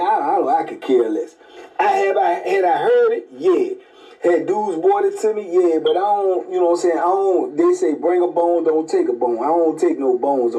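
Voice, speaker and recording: Man rambling through a story, slangy, highish voice but dark mellow tone. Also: recorded from a distance, low-quality recording. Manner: rambling, slang-heavy, full of restarts. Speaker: storyteller recalling prison life. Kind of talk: casual storytelling.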